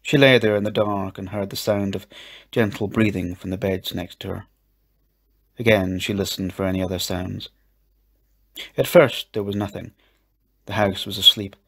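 A man reading a children's story aloud, in a gentle, measured storybook narration. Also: sits low, fairly even intonation, creaky, slightly rough. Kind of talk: scripted narration.

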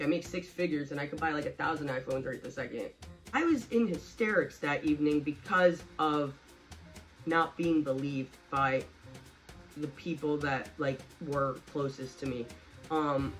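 Blunt, swearing woman storyteller. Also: lowish voice. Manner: blunt, profane and emphatic. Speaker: vlogger telling a personal story. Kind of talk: casual storytelling to camera. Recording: distant mic with faint background music.

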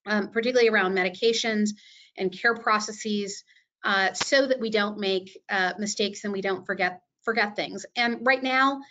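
A woman's voice: medium pitch, moderate pace, bright, forceful tone, highs cut off, a little hiss or hum. A woman speaking as a webinar panelist, thinking aloud with many fillers and restarts. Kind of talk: unscripted presentation. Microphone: video call.

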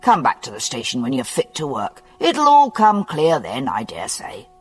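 A narrator doing a curt, impatient Victorian police boss, blunt questions, lively delivery. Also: medium pitch, normal speed, breathy edge, pitched below the performer's own voice. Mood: gruff. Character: brusque Victorian police superior, impatient man. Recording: long hall reverb with soft music.

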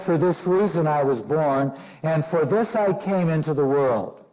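A man in his sixties, a minister from Chicago, preaching a sermon slowly and deliberately, leaning hard on key phrases. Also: fairly high pitch, dark tone, poor audio. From Chicago, Illinois. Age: 60s. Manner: slow, deliberate preaching with emphatic stressed phrases.

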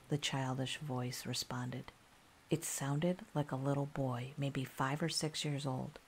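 A woman narrating a scary story in a calm, soft-spoken ASMR style. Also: extremely low pitch, slow, slight background noise.

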